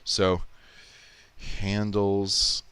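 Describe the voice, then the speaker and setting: A man with a deep, smooth voice chats through his editing work as he goes. He explains ideas like a loose lesson, thinking aloud and restarting sentences. The sound is dry and close, with little room behind it. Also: monotone, very slow, fairly bright tone, no room sound. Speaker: YouTube Poop editor streaming. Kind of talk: casual live-stream commentary, teaching.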